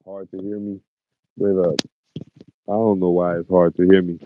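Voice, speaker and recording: A man's voice: deep voice, little pitch movement, normal speed, narrow, tinny audio, background noise. A man hosting a podcast in casual, profane talk, looping back over his words and restarting phrases as he goes. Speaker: podcast host.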